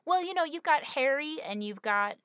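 A woman's voice: high-pitched, expressive, normal speed, a bit bright, dry recording, clean studio sound. A woman co-hosting a podcast, talking through a book in a casual, chatty way with lots of fillers. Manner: chatty, many fillers like "like" and "kind of". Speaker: podcast co-host.

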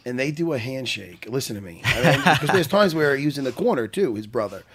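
Lively co-host guy, voice jumps all over, laughs and curses. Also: mid-range voice, brisk, breathy edge. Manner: animated, laughs often, swears. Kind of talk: casual chat.

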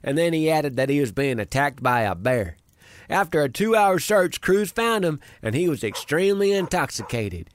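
Cocky country boy for a comic radio bit, pitched up and folksy, a man playing him. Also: very animated, normal speed, dry recording. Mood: smug. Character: brash young country boy, proud and folksy.

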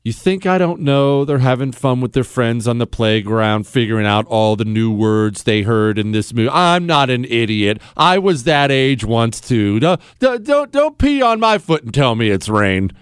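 A man in his forties hosting a call-in radio talk show, emphatic and animated, dropping from loud to low. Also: moderate pace, hardly any pauses, clear, resonant tone, dry recording, clean studio sound.

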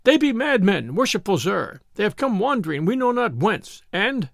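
A man's voice: high-pitched, sing-song, moderate pace, creaky, dry recording, studio quality, heavily acted. A man voicing a humble peasant who pleads fawningly with a lord in an old-fashioned storybook tale. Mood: pleading.

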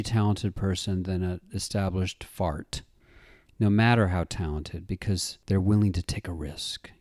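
A middle-aged man in a casual interview, telling stories in an animated way and acting out the people he quotes. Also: low-pitched, no room sound, studio quality. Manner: animated storyteller, acts out quoted voices. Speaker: interview guest, actor-writer-director.

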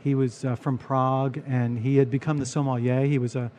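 A man, a bartender telling stories in casual chat, animated and full of restarts. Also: medium pitch, a little fast, a little hiss or hum. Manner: animated storyteller, frequent restarts. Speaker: bartender and storyteller.

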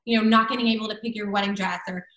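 A woman's voice: medium pitch, steady tone, racing, a bit bright, roomy sound, rough recording. A woman telling a personal story in casual chat, full of "like" and "I'm like" fillers. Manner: chatty, many fillers and "like". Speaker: guest.

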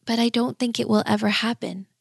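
A woman's voice: fairly high pitch, steady tone, a little fast, creaky, slightly rough, dry recording, studio quality. A woman voicing a grieving queen who speaks in a tearful, pleading way in a storybook. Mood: sad. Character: grieving young queen, desperate for a baby.

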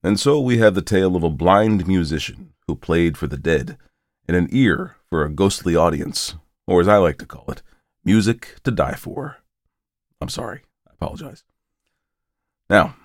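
A hoarse man hosting a podcast and narrating a folk tale in a measured, solemn way. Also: low-pitched, dry recording, studio quality. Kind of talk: scripted story narration.

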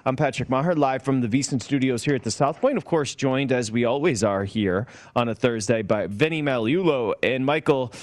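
A man hosting a sports betting radio show, brisk and upbeat as he reads odds and steers the talk. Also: medium pitch, no room sound, studio quality. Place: radio studio.

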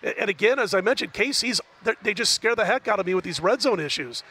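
High-voiced man breaking down betting odds. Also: breathy edge. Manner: measured, stat-heavy, steady. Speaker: sports betting handicapper guest. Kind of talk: analytical sports betting talk.

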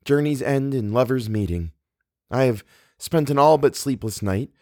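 A man's voice: mid-range voice, normal speed, a little mellow, dry recording, studio quality, voice pushed up, lightly acted. A man voicing a hopeful, anxious young woman in a storybook reading, speaking in a wondering, breathless way. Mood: dreamy.

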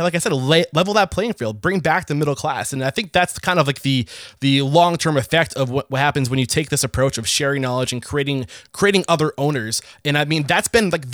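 A man hosts a podcast interview, probing his guest with earnest, enthusiastic questions. His voice sits a bit higher than usual for a man. It is recorded close and dry, with no room sound. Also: fairly bright tone, no room sound. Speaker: podcast host.

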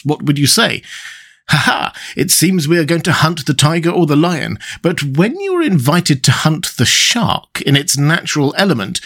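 A man narrating a classic novel in a measured, steady reading voice. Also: medium pitch. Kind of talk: audiobook narration.

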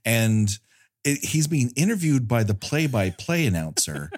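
A man's voice: medium pitch, very animated, measured pace. A man co-hosting a casual movie review chat, wry and laughing often as he retells scenes. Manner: wry, laughing, acts out silly quotes. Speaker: podcast co-host.

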